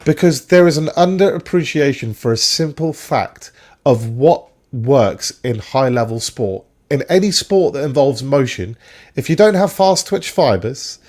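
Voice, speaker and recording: A man's voice: medium pitch, animated, a little slow, a little mellow. A man on a fan show, giving long, opinionated takes on football. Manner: opinionated, explains at length. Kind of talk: casual football chat.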